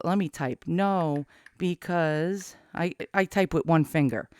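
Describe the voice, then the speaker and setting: A middle-aged man rambling anxiously to camera in a casual confessional vlog, cursing often and cracking dark jokes. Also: fairly high pitch, a little slow, no room sound. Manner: rambling, profane, darkly joking. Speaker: vlogger.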